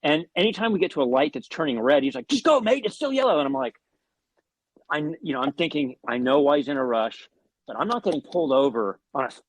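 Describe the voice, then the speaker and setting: A man's voice: medium pitch, fast talker, no echo. Guy telling a crazy band story, lots of swearing and restarts, dry close mic. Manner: animated anecdotes with swearing and restarts. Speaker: guest musician. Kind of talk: storytelling in an interview.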